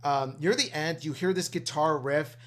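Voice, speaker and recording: A man's voice: on the high side, normal speed. A man co-hosting a podcast in casual chat, earnest and enthusiastic, often repeating himself. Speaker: podcast co-host.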